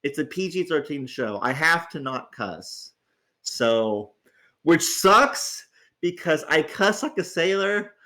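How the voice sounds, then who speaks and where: Groggy male stream host, raised pitch, loose profane rambling delivery. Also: big pitch swings, slow pace, sharp tone. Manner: rambling, swears freely, stammers on restarts. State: tired, groggy. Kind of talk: casual livestream chat.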